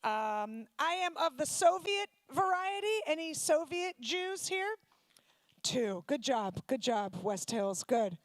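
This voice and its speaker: A woman from Ukraine doing stand-up comedy, teasing audience members in quick banter on a handheld stage mic. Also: high-pitched, big pitch swings, no echo. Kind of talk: stand-up comedy with crowd work. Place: comedy night venue before a live audience.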